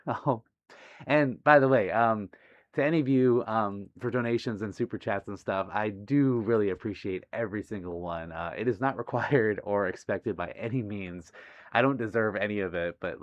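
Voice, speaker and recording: A man's voice: lowish voice, moderate pace, dry recording. Guy streamer reading chat, gushy and giggly, dry close sound but kinda dull lo-fi. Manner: gushing, warm thanks with frequent laughs and fillers. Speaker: livestream host. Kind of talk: casual chat reading viewer comments.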